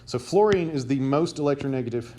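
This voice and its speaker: A man's voice: medium pitch, lively intonation, fast talker. A man giving a chemistry lecture to a class, quizzing students and joking as he goes. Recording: noisy classroom recording.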